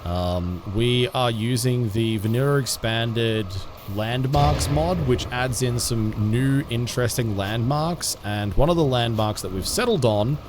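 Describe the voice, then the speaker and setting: A man's voice: medium pitch, background noise. A man chatting casually with his viewers while streaming a game, laid-back and rambling. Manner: laid-back, rambling, frequent restarts, quick laughs. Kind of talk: casual live-stream chat while playing.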